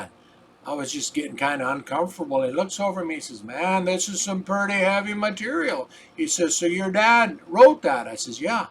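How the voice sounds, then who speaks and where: A man's voice: a little high, a little hiss or hum. Folksy older man telling a story. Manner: folksy, rambling, repeats "I says"; earnest, preachy about faith. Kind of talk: casual spoken storytelling.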